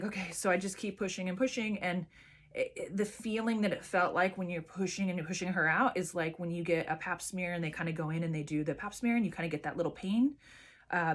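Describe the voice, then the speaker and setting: A woman vlogger chatting casually to camera and telling a personal story with lots of fillers and restarts. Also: lowish voice.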